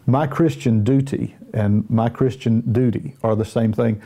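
Speaking at a measured pace, a middle-aged man with a Southern US accent keeps his mid-range, dark-toned voice steady. The minister shares homespun stories at his own expense during a casual Christian talk show chat.

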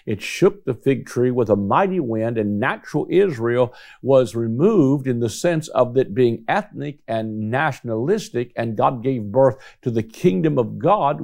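A man's voice: mid-range voice, creaky, darkish tone. A man preaching a Bible teaching sermon, stretching out key words for emphasis.

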